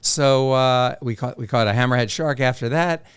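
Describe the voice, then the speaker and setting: A man's voice: mid-range voice, moderate pace, smooth, no echo, clean studio sound. A man, a professional angler, casually telling stories from the sea as a podcast guest, acting out the people he quotes. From South Florida. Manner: animated storyteller who acts out quoted voices. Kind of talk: casual storytelling.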